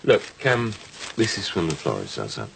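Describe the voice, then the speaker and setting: A man playing a smooth-talking, scheming businessman who persuades people gently in a TV soap drama. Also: low-pitched, wildly swooping pitch, moderate pace, noisy background, heavily acted.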